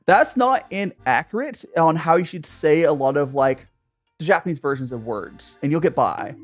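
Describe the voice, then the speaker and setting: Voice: medium pitch, animated, moderate pace, soft background music. A young adult streamer chatting casually over tea, rambling and greeting viewers by name. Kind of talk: casual chat while drinking tea.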